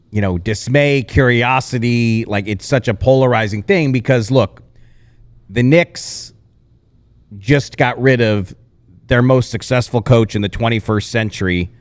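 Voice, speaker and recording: Casting: male basketball reporter, mid pitch, thoughtful and hesitant. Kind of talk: sports podcast discussion.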